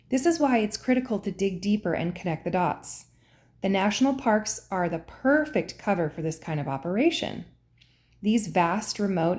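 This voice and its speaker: A woman's voice: lowish voice, darkish tone. A woman hosting and narrating in an earnest, conspiratorial scripted style. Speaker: host and narrator.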